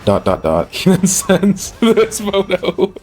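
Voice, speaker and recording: A man's voice: sits high, wildly swooping pitch, slow, darkish tone. A man narrating a commentary video in a wry, matter-of-fact way.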